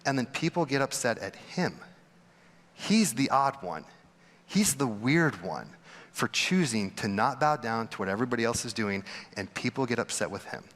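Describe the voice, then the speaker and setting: Conversational young pastor in reverberant sanctuary. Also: male voice, big pitch swings, moderate pace, a bit bright. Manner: conversational, acts out quoted voices with big pitch jumps. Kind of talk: sermon. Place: church sanctuary. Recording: long hall reverb.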